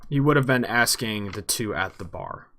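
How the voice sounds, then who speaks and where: An easygoing man acting as dungeon master, checking in with each player in turn. His voice sits fairly low and sounds dry and close to the mic. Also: animated, moderate pace, sharp tone, dry recording. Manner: easygoing, asks players questions. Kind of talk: running a tabletop game over voice chat.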